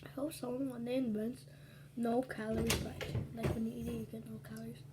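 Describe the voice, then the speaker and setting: A woman's voice: on the high side, level tone, fast talker, noisy background. Chatty woman telling a story while eating. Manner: chatty, rambling retelling with whispered asides. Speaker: ASMR vlogger. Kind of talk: casual eating ASMR storytelling.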